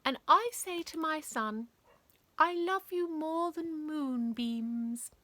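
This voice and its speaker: Doting soppy storybook mother, high and sugary, voiced by a woman; slow, bright. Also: no room sound, heavily acted. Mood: gushing.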